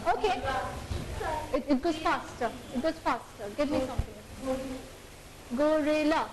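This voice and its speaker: A woman's voice: high-pitched, unhurried. A woman training teachers in phonics, prompting the group for words and explaining how intonation keeps children engaged. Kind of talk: instructing a phonics class. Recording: noisy room recording.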